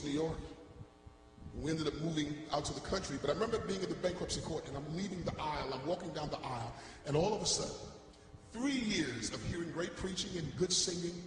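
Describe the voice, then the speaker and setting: A middle-aged man, a gospel singer, giving an earnest, emotional testimony sermon to a live congregation in a church. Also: on the high side. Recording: echoey church hall, noise behind.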